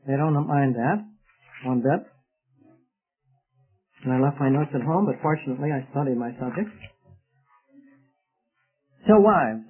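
A man's voice: fairly high pitch, breathy edge, phone-quality sound. A man preaching an earnest, explanatory sermon, recorded on an old tape. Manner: earnest, explanatory, with rhetorical questions.

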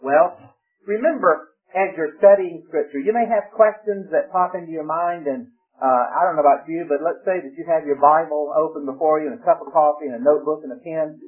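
A man's voice: on the high side, a little fast. A man from Georgia, preaching a folksy Bible-study sermon that poses questions and answers them. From Georgia, USA. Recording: tinny radio broadcast.

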